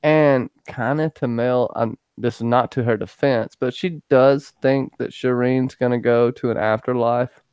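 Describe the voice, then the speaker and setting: Man shouting out a live chat. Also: medium pitch, unhurried, smooth, no echo. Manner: lively, joking, shouting out viewers. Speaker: podcast host greeting chat. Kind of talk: casual livestream chat.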